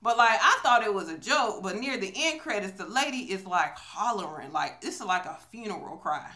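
A woman's voice: medium pitch, animated, normal speed, hardly any pauses, pushed and bright. A woman chatting casually in a movie review vlog, storytelling with many fillers, filmed on a phone on a selfie stick. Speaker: vlogger.

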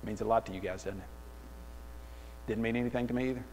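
A man preaching a sermon in an animated, sarcastic storytelling way. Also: mid-range voice, quick pace, big-room sound, a little hiss or hum, poor audio. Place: church auditorium.

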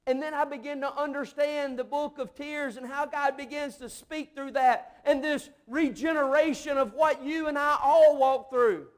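A man's voice: very high-pitched, steady tone, normal speed, hardly any pauses. A man delivering an emotive, story-driven sermon in a church as a missionary pastor. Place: church sanctuary.

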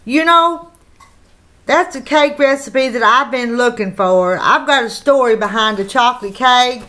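A woman's voice: a little high, unhurried, pushed and bright. A woman with a Southern country accent, chatting folksily to her viewers while opening mail on her vlog. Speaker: channel host.

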